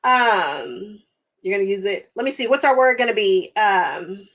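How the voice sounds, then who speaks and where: A woman's voice: mid-range voice, expressive, measured pace, a bit bright. An American woman hosting a quilting livestream, chatting casually with viewers, laughing often and thinking aloud with lots of fillers.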